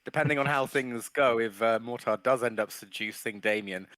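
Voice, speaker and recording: A man's voice: mid-range voice, moderate pace, fairly bright tone, no echo. A man playing a tabletop game, joking and teasing the others in casual banter. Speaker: player.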